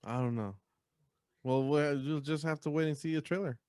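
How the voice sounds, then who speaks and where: A man co-hosting a podcast, chatting casually and easygoingly, mostly in short replies with halting restarts. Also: a little high, a little mellow, smooth, dry recording, studio quality. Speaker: podcast co-host. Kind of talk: casual chat.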